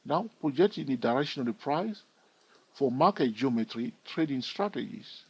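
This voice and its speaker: A man's voice: mid-range voice, lively intonation, normal speed, darkish tone, husky, muffled recording. A man giving a screen-recorded chart tutorial in a chatty way, thinking aloud and asking his viewers questions. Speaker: trading educator.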